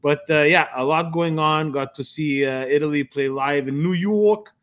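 A man's voice: fairly high pitch, moderate pace, fairly bright tone. A man co-hosting a casual podcast, loose and hyped-up in his banter. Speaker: podcast co-host.

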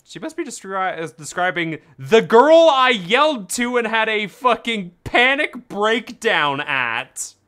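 Lively, bright-voiced gamer guy. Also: high-pitched, a little slow, hardly any pauses, clean tone. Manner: stumbling read-aloud, laughing and swearing. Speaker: game player reading diary text aloud. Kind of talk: casual let's-play chat.

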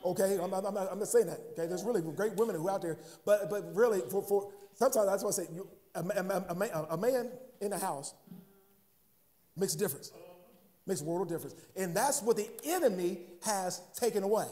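A man's voice: sits high, a little fast, warm tone. A man preaching a sermon as pastor, stammering through restarts and asking the congregation "huh?" between points. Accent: American. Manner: repeats words, asks "huh?" to the congregation.

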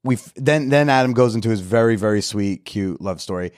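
A man's voice: fairly low pitch, a little fast, a little mellow, dry recording, studio quality. A man hosting a podcast, telling a story in a candid, self-reflective way and swearing casually. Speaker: podcast host.

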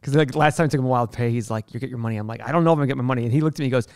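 A young man co-hosting a podcast, telling animated, fast stories in casual chat, laughing often and swearing freely. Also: mid-range voice, clean tone, no room sound, studio quality. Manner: fast, animated storytelling, acting out quoted people. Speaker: podcast co-host, investor.

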